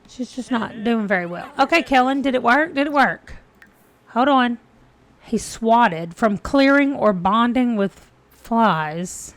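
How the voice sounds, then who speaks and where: Lady chatting over her sim game, higher voice, super dry close mic. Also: measured pace, no echo. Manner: chatty, animated, talks to the game characters. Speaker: gaming let's-play host. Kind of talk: casual gameplay commentary.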